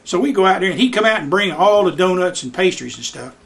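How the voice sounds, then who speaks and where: An older man tells folksy Southern stories about coaching youth baseball from his living room during a home visit, acting out voices in his anecdotes. His high voice has lively intonation, a quick pace, vocal fry, and a fairly bright tone.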